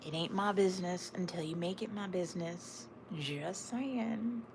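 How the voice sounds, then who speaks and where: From her home with a view of a snowy backyard, a woman hosting a livestream chats with her viewers and answers comments, often lowering her voice to a whisper. She speaks fairly low at a measured pace, and steady background noise runs throughout.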